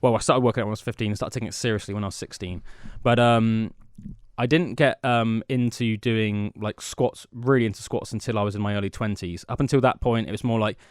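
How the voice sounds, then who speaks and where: Rambling young man, smooth voice. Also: on the low side, fairly even intonation, fast, dry recording, clean studio sound. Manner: rambling, self-mocking storyteller. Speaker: podcast co-host. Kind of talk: casual chat. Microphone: studio mic.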